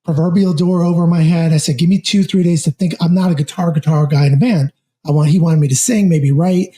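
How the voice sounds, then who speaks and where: Guest, male, fifties. Warm, mellow tone, animated and jokey storyteller with a casual chat feel. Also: on the high side, brisk. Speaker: podcast guest, musician.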